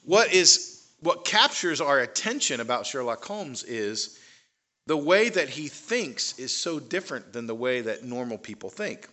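A man's voice: medium pitch, sing-song, unhurried, pushed and bright. A man giving a conversational talk to a live audience, with fillers and rising emphasis on key points. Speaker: speaker.

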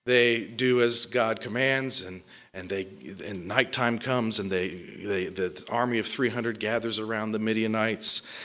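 Bright-voiced man preaching a lively sermon. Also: fairly low pitch. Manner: animated storytelling with halting restarts and asides. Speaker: pastor.

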